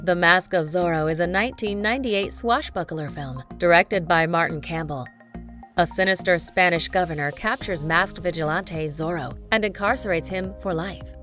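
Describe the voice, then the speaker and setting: A woman reading a scripted narration for a ranked list of films, with an even, measured delivery. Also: on the low side. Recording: soft music behind.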